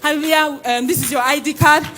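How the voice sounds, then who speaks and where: A young Nigerian woman giving an excited church testimony, exclaiming and repeating phrases. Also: high-pitched, quick pace, soft background music. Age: young adult.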